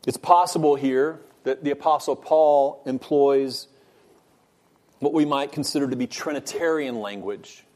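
Male Bible study teacher, mid-pitched, measured and earnest, leans on repetition for emphasis. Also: darkish tone.

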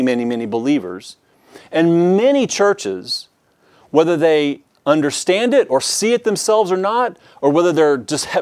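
Earnest preaching man, lively pitch. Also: no room sound. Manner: earnest, conversational preaching with restarts and asides. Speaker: pastor. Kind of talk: sermon.

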